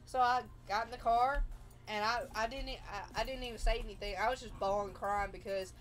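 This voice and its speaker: A woman's voice: a little high, steady tone, a little fast, soft background music. A woman hosting a livestream, casually telling a personal story and acting out what people said. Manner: storytelling, acts out quoted people. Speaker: livestream host.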